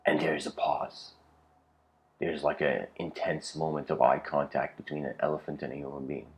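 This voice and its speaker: A man giving a spiritual lecture in a casual, rambling storytelling way, full of "you know" and "like", slowing down to stress key points. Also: a bass voice, flat delivery, a little mellow.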